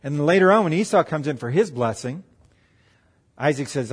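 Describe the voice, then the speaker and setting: A man preaching a sermon, retelling a scripture story in an animated way and acting out the voices of its people. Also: on the high side, normal speed, breathy edge. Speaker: pastor. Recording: long hall reverb.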